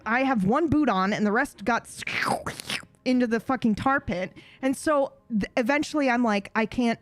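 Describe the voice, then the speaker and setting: Animated young woman telling a story. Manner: animated, swearing, acts out voices with high yelps. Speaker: streamer. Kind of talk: casual storytelling.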